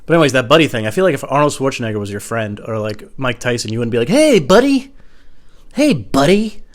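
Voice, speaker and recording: A young man doing a rambling, crude, self-mocking comedy monologue at home, jumping into silly high voices. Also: very fast. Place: home room.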